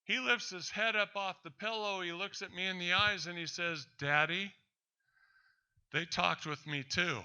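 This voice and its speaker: A man's voice: on the high side, pushed and bright, smooth. A man presenting a talk, telling a personal story in an emphatic, defiant way to an audience. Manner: emphatic and defiant, addresses doubters directly.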